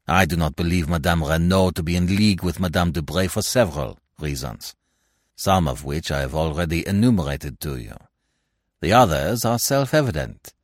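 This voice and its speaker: A man's voice: deep voice, dry recording, studio quality. A man voicing a fussy, self-assured older Belgian detective who lectures with precise, impatient logic in an audiobook reading.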